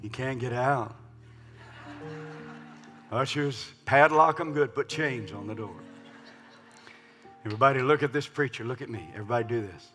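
A man preaching a sermon in a large church, swinging from hushed murmurs to loud shouts. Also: medium pitch, moderate pace, pauses often. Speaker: pastor. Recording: long hall reverb with faint music.

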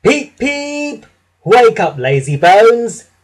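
A man voicing a cheeky little tank engine with shrill cries. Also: very animated, drawn-out words, exaggerated voice. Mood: shrill shouting.

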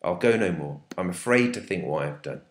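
A guilt-haunted nobleman, read slowly in verse by a man doing the lines. The voice is low and deep. It sounds roomy, with a clear echo around it. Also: expressive. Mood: anguished. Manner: reads verse aloud, slow and deliberate. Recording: echoey room.

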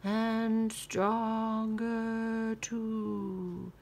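A woman reading aloud and voicing a boastful mummy who drags out each word in a slow, quiet drawl. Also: a little high, flat delivery, creaky, slight background noise, exaggerated voice.

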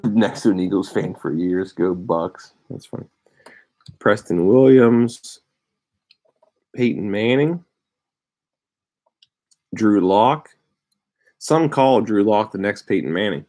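A man hosting a sports card break, calmly reading out player names as he opens packs. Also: lowish voice. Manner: unhurried, reads out player names with bursts of excitement. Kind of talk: casual card-opening commentary.

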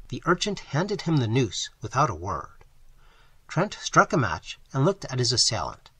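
A man narrating an audiobook in an expressive, dramatic reading style, close to the mic. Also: mid-range voice, moderate pace, breathy edge, dry recording. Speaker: audiobook reader.

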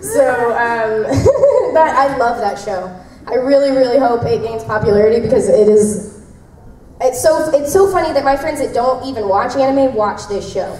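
Bubbly young woman voice actress on a convention panel; rambly and giggly, slightly high voice, recorded from afar in an echoey room. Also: expressive, moderate pace, darkish tone. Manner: bubbly, laughing, rambling with many fillers. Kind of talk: convention Q&A answers. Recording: echoey convention room, distant, faint noise.

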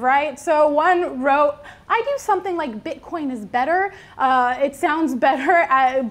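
A woman's voice: high voice, fairly bright tone. A young woman from New York co-hosting a casual news show, chatty and reading out comments. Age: young adult. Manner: chatty, reads out comments with filler ums. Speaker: news co-host.

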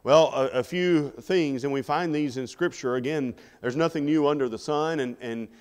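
A man's voice: on the high side, moderate pace, clean tone. Man preaching in a reverberant church. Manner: conversational, asks the audience rhetorical questions. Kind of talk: sermon. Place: church sanctuary.

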